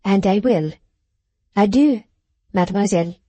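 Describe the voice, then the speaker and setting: A woman voicing an intense young French lady's maid in an audiobook, speaking in a low, subdued, earnest way with a French accent. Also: measured pace, dark tone, no room sound, natural voice. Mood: earnest pleading. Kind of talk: audiobook character voice.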